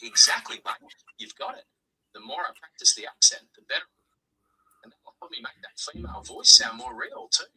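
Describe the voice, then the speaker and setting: A man's voice: medium pitch, a little fast, sharp tone, breathy edge, rough recording. A synthetic male AI assistant voice, breezy and friendly, calling everyone mate. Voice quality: synthetic, evenly chipper. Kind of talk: synthetic conversational replies.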